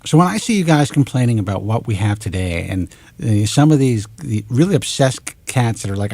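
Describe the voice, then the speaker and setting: A man in his forties with a New York accent, hosting a talk show and ranting in an animated, exasperated monologue into a close studio mic. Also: mid-range voice, fairly quick, creaky, no echo. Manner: animated, exasperated, swears in clipped letters.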